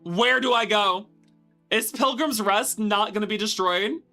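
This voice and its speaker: Bright-voiced woman streamer, loud outbursts. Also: mid-range voice, measured pace, faint music behind. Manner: loud, exasperated, swearing outbursts. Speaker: VTuber streamer. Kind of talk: gaming livestream commentary.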